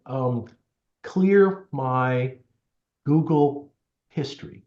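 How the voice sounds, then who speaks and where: A man who helps seniors with technology is the guest in a casual storytelling interview, speaking at medium pitch and a measured pace with long pauses. He tells anecdotes animatedly and slips into the voices of the people he quotes. The audio is somewhat dull, with echo from a roomy space.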